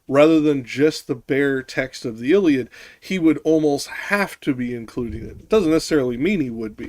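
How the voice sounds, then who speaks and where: A man in a loose podcast discussion who argues his side with insistence. He restarts his sentences often and drops a swear word to drive a point home. His voice sits at an ordinary middle pitch. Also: darkish tone. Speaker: podcast co-host. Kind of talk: casual discussion.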